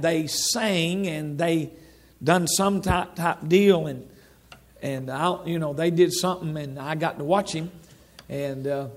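A middle-aged man preaching a sermon in a church, folksy and rambling, with lots of restarts and asides to the congregation. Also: a little high. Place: church sanctuary.

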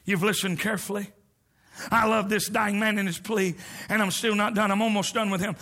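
A middle-aged man preaching a sermon as a visiting preacher, with whoops and shouts that drop to near whispers. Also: sits high, steady tone, a little fast.

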